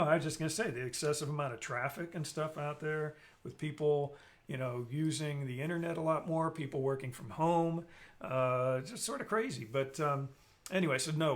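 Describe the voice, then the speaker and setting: A man hosting a casual live stream, rambling and joking while he reads out viewer comments. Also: mid-range voice.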